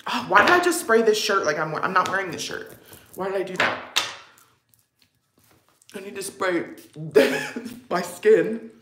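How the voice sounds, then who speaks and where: A woman's voice: mid-range voice, expressive, a little slow, pauses often, heavy background noise. A young woman chatting casually on a get-ready-with-me livestream, rambling with lots of fillers and answering her chat. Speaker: livestream vlogger. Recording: echoey room.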